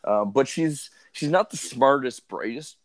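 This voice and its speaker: A man co-hosting a podcast, telling crude stories in a laid-back, halting way with lots of fillers. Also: medium pitch, animated, no room sound. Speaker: podcast co-host. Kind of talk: crude casual chat.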